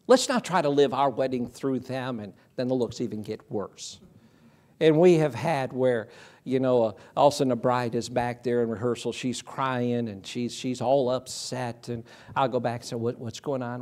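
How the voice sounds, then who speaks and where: A man's voice: mid-range voice, expressive, normal speed, a little mellow. A man in his fifties preaching a sermon as pastor, full of folksy anecdotes and acted-out quotes. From Michigan. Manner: folksy anecdotal storytelling, acts out voices in quotes. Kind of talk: sermon with storytelling. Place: church sanctuary.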